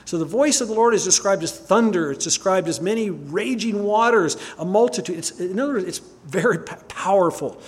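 A man with a high-pitched voice preaches a sermon. He reads Bible passages aloud and puts questions to his listeners, stopping now and then to correct a slip. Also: animated, a little fast, few pauses, slightly rough. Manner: reads scripture aloud, asks the listeners questions, often stops to correct himself.

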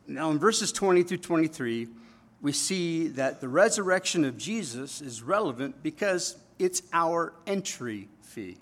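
Before his congregation, a male pastor delivers an expressive, unhurried sermon. He often checks in with the people listening, moving between forceful, loud emphasis and soft, low asides.

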